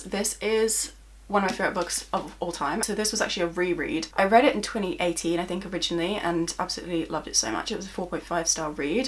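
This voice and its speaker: Chatty British woman reviewing books. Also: fairly low pitch. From United Kingdom. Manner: chatty, many "like" fillers, gushing. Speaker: book vlogger. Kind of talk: casual monthly reading wrap-up.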